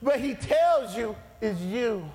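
A man preaching a fiery sermon with a gravelly voice, shouting and repeating his phrases with passion. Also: extremely high pitch, lively intonation, slow pace. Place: church sanctuary. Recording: reverberant hall with faint congregation.

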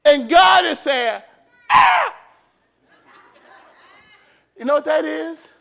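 A man pastor preaching a sermon, shouting and emphatic, repeating phrases for emphasis in a church. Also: very high voice, normal speed, vocal fry, some chatter behind.

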